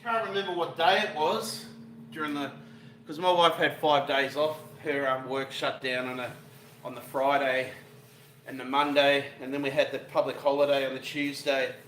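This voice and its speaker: A man's voice: mid-range voice, fairly even intonation, normal speed, fairly bright tone, echoey room, a little hiss or hum. A middle-aged Australian man chatting casually on a livestream while cooking, rambling and greeting viewers with slang. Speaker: fishing vlogger cooking on a livestream.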